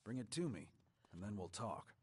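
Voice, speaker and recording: An actor playing a stern, gruff male camp commander in a video game, speaking in a curt, commanding way. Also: lowish voice, very animated, moderate pace, darkish tone, heavily acted.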